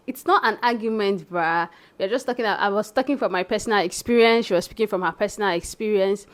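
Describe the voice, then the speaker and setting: A young woman from Nigeria hosting her vlog, chatting casually to viewers she calls besties. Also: medium pitch. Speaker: vlogger host. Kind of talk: casual chat.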